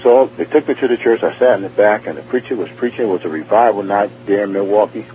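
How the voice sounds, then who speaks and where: Brief: New York man, low voice, rambling church testimony full of acted-out dialogue, tinny phone-like radio sound. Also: fast talker, a little hiss or hum. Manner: rambling, repetitive, acts out dialogue. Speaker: testimony speaker. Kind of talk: personal testimony storytelling.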